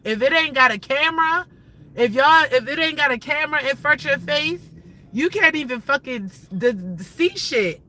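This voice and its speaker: Woman streamer, bright tone, profane, excitable rambling rant. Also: high voice, normal speed, poor audio. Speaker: livestream host. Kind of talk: casual ranting livestream.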